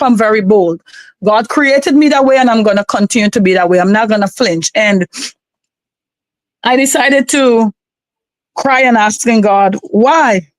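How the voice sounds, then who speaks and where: A woman with a Guyanese accent gives an earnest, emotional personal testimony as a podcast guest, repeating herself as she goes. Her voice sits somewhat high and sounds dry and close. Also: dry recording, rough recording.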